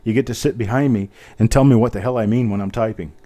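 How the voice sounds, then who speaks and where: Talking fast in a mellow, lowish voice, a man hosts a live coin auction. He jokes about himself in casual chat and reads the bidders aloud while typing.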